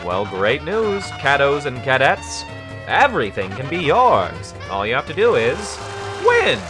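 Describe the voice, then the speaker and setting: A man voicing a showy TV-headed male game show host with a put-on mid-Atlantic accent and a booming, salesy delivery. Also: wildly swooping pitch, measured pace, music in the background. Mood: hyping.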